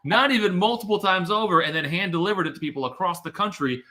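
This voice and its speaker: A man's voice: sits high, quick pace. A man co-hosting a live whiskey tasting, talking in casual, joking banter. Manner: joking, animated and talkative.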